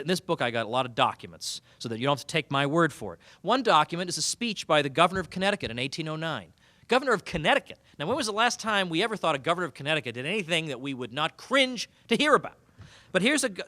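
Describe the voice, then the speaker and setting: A man giving a humorous keynote speech at a banquet, animated and sarcastic, mock-quoting his opponents. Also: on the high side, no room sound. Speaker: keynote speaker. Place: banquet hall.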